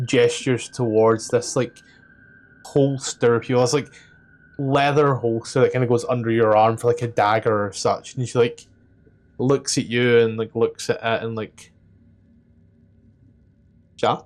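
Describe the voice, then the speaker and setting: A man running a tabletop game as dungeon master, describing scenes in a halting way with lots of fillers. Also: mid-range voice, level tone. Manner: halting description full of "like" and "kinda".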